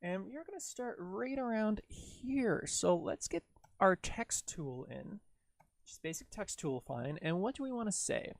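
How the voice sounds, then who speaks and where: A man's voice: sits high, animated, unhurried, creaky, no echo. A man casually talking through his video editing on a livestream, rambling and jokey as he narrates each step. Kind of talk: casual live tutorial talk.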